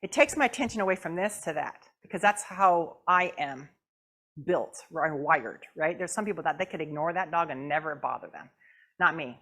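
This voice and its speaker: A middle-aged woman giving a storytelling talk as a guest speaker, animated and acting out voices and dog barks. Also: low voice, normal speed. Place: church hall.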